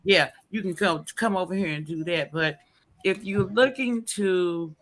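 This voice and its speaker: A man's voice: high-pitched, unhurried, a bit bright. A man talking casually on a publishing show, folksy and repetitive, like a preacher urging listeners on. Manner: repetitive, preacherly, folksy, with playful Southern put-ons. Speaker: author guest on publishing show. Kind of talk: casual promotional chat.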